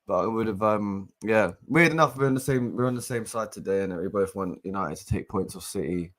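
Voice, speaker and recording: A young man giving casual live match commentary as a fan co-host, excitable and exasperated, with frequent restarts. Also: lowish voice, fairly quick. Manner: excitable and exasperated, swears, repeats and restarts phrases.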